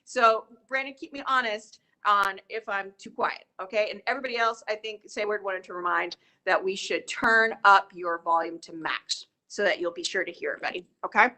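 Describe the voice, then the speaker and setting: A woman theatre teacher leading clown warm-ups on a video call, playful and loud, laughing often, heard from a few steps away from a laptop mic in a room. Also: mid-range voice, brisk, few pauses. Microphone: laptop camera mic from a few steps away. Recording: echoey room, far from the mic.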